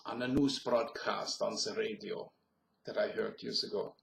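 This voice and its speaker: A man's voice: lowish voice, fairly even intonation, normal speed, creaky, fairly bright tone. A man in a casual monologue about accents, rambling and hesitant with many fillers and self-corrections, recorded on a webcam. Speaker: vlogger demonstrating accents. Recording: echoey room on a webcam.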